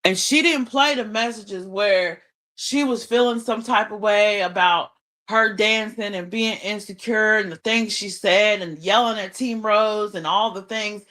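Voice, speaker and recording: A woman hosting a livestream, her voice bright and sharp-edged. She talks slowly and deliberately, venting with emphasis and swearing freely. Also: medium pitch. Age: adult mother. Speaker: livestream host. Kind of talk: unscripted livestream monologue.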